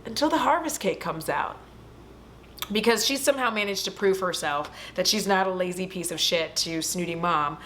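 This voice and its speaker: A woman hosting a casual vlog, retelling a film in an animated, profane storytelling way. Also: lowish voice, moderate pace, a little hiss or hum. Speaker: host. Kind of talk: casual movie recap vlog.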